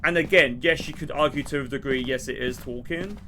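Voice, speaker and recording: Young male streamer, rambling, excitable gameplay chat, bright tone, light background hiss. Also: mid-range voice. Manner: rambling, animated, quick to laugh and shout. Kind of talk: casual gameplay commentary.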